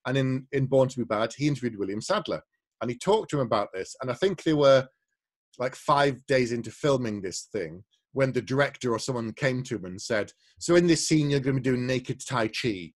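A man's voice: medium pitch, animated, brisk. A man co-hosting a casual film review chat, telling stories and acting out quoted lines. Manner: chatty storyteller, acts out quotes. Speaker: podcast co-host.

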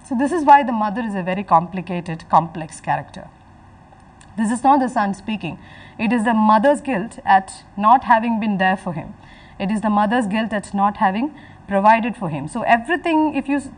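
A woman giving a literature lecture, explaining slowly and repeating her phrases, and acting out lines from the text. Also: fairly high pitch, distant mic, low-quality recording. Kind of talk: recorded lecture.

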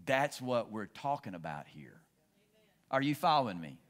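Here a middle-aged pastor tells stories within his sermon, alternating between animated and hushed speech. He speaks at medium pitch and a moderate pace.

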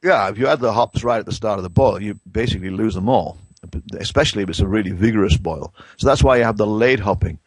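Low-voiced Englishman with many restarts. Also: fast, no room sound. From England. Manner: hesitant, many restarts and fillers. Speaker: brewing science professor, guest. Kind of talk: conversational expert interview.

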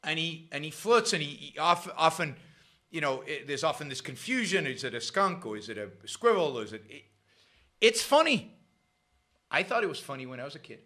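Middle-aged guy ranting sarcastically, bright voice, swings up and down a lot. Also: fairly high pitch, a little fast. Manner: sarcastic, stumbling restarts, animated. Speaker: show host. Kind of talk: casual commentary monologue.

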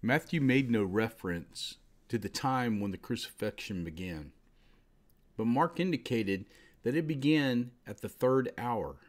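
A man giving a Bible study commentary, explaining slowly and citing verses. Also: mid-range voice. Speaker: Bible teacher.

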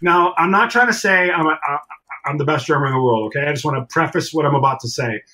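A middle-aged man telling a story as a podcast guest, animated and swearing freely as he acts out other people's lines. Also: fairly high pitch, fast, poor audio. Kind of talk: casual storytelling.

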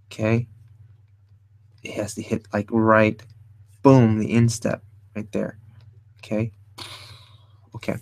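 This lowish, gravelly male voice belongs to an art stream host running a casual live drawing tutorial, recorded with no room sound. He rambles and thinks aloud while sketching, tossing in playful sound effects.

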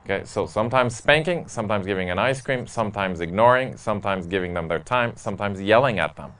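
Recorded from a distance, a priest with a fairly low, slightly bright voice talks quickly and with lively intonation. He answers parish questions frankly, telling funny stories and laughing along with them.

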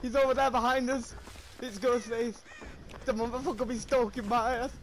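Rowdy high-voiced gaming commentator man. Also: fairly even intonation, moderate pace. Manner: rowdy, teasing, bursts into shouts. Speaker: gaming video creator. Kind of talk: crude joking game commentary. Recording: loud background noise.

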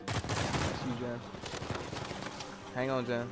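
A young man giving loud, joking, profane commentary while playing a video game. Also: mid-range voice, monotone, very slow, very noisy. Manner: loud, joking, swears often. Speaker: gaming channel host. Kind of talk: casual gameplay commentary. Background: game music and gunfire.

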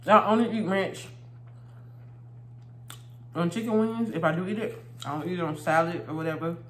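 A woman's voice: lowish voice, moderate pace, echoey room, slight background noise. Chatty woman eating on phone cam. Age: adult, married. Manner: chatty, laughs often, talks while eating. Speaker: vlogger. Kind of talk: casual mukbang chat.

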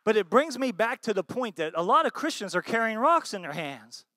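High-voiced emphatic American pastor preaching. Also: male voice, big pitch swings, fairly quick, no room sound. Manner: swings between loud emphatic bursts and low soft asides; asks the congregation rhetorical questions. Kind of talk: sermon.

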